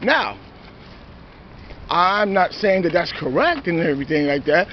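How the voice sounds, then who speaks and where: Very animated yet unhurried, a self-styled preacher from New York lectures his viewers in a fairly high voice, leaning on "you know" and "see" as he confronts them. The lo-fi recording sounds dull and carries a little hiss or hum.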